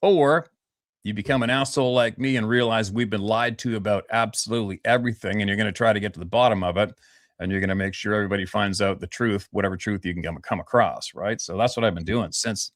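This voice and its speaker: Interview guest, male, 50s, from Vancouver Island; blunt and profane, animated storyteller, dry sound. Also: lowish voice, fast, no room sound. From Vancouver Island, Canada.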